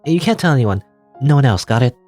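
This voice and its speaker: A man's voice: mid-range voice, lively intonation, brisk, darkish tone, soft background music, voice pushed up, natural voice. A man voicing a frightened young female student who is usually tough, talking in a hesitant, worried way.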